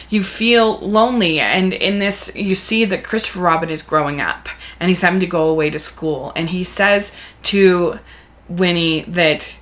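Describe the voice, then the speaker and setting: A woman's voice: medium pitch, a bit bright. A woman gushing enthusiastically as she reviews a film, retelling the story with plenty of repetition. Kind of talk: casual video review.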